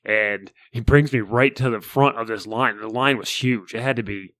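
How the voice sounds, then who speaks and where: A man's voice: mid-range voice, normal speed, fairly bright tone, no echo. An American man co-hosting a podcast, telling a long rambling story in casual chat and often repeating words as he starts sentences. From United States. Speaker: podcast co-host.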